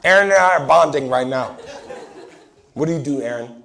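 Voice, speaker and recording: A man doing stand-up crowd work on a comedy club stage, brash, swinging from shouts to mumbled asides. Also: medium pitch, animated, moderate pace, creaky.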